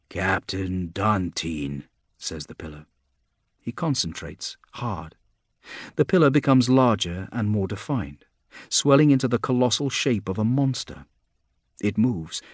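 Low husky man narrating a somber story. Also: no echo, clean studio sound. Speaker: audiobook narrator. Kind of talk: scripted narration.

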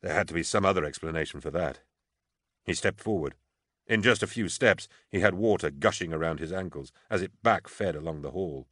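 A man narrating a novel in a measured, even storytelling voice. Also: low-pitched, no echo, clean studio sound. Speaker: audiobook narrator. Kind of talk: scripted narration.

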